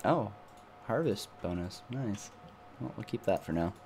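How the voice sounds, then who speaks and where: A man's voice: lowish voice, animated, measured pace, a little mellow, slight background noise. A man streaming a game, talking casually to himself, swearing freely, laughing and groaning at what he finds. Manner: swears freely, mutters to himself while playing; laughs often, groans at bad loot. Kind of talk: casual gameplay commentary.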